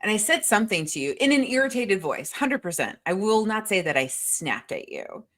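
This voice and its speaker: A woman's voice: mid-range voice, very animated, moderate pace, a bit bright. A middle-aged woman co-hosting a podcast, telling stories in a profane, exasperated casual chat. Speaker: podcast co-host.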